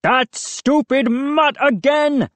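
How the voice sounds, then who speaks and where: A woman doing a grumpy, shouting neighbor man. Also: medium pitch, lively intonation, moderate pace, no room sound, pitched above the performer's own voice, natural voice. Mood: angry. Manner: shouting, angry.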